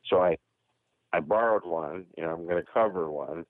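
An older man reading a poem aloud at an open-mic call, slow and dramatic, with hesitant asides. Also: sits low, dry recording. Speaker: poetry reader. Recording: dry phone-line audio.

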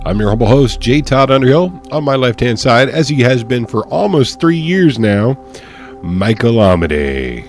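A man's voice: medium pitch, sing-song, moderate pace, faint music behind. A man hosting a casual poetry show, who jokes and laughs often while thanking sponsors. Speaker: host. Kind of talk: casual podcast banter.

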